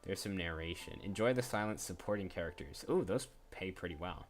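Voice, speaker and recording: A man with a fairly low voice chats casually into his desk mic during a live stream. He thinks out loud and laughs at his own slips. Faint music plays underneath. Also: lively intonation, brisk. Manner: chatty, thinks aloud, laughs at himself. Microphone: desk microphone.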